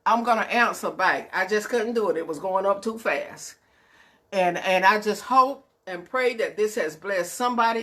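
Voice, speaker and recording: A woman's voice: lowish voice, fairly bright tone. A woman hosting her weekly inspirational show, talking in a preacherly way, calling listeners y'all and acting out her talks with God. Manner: preacherly, calls listeners y'all and baby, acts out dialogues with God. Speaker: host of a weekly inspirational broadcast. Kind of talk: spirited faith talk.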